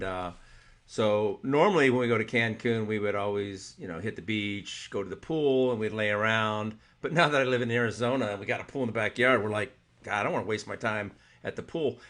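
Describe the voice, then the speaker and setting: A man co-hosting a podcast, telling an animated, rambling travel story with laughs and restarts. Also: mid-range voice. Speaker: podcast co-host. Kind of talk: casual storytelling chat.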